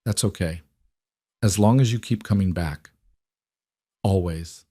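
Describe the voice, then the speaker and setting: Brief: an earnest, worried eight-year-old girl from a storybook, read by a low-voiced man. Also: unhurried, warm tone, no echo, clean studio sound. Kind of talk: storybook reading.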